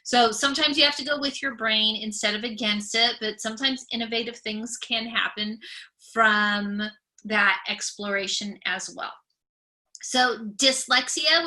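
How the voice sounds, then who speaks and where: In a recorded classroom lecture, a young adult woman speaks with a stutter, repeating parts of words. Her voice sits on the high side with a sharp tone.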